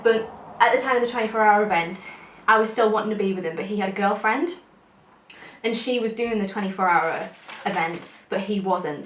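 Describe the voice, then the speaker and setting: Eating on camera, a young woman from the UK rambles through stories with laughter in a relaxed mukbang chat. Her mid-range voice is picked up by a distant mic, sounding roomy, with slight background noise.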